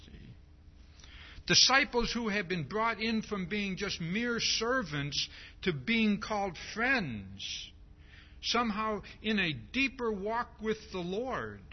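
Man, preacher, sermon, slow, emphatic, lively pitch, slightly high voice, dull lo-fi recording. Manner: slow, emphatic, keeps asking "see?".

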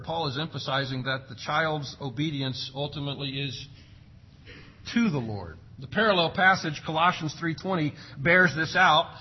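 A pastor preaches emphatically, firing off rhetorical questions and acting out things parents say. His voice is a little high and slightly rough, and the recording sounds muffled.

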